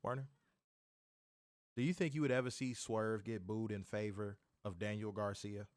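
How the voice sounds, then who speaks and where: A man's voice: on the low side, steady tone, moderate pace, dry recording. Ranting, profane man on a dry mic. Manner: exasperated, ranting, profane, repeats himself for emphasis. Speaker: wrestling review podcast co-host. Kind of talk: casual chat.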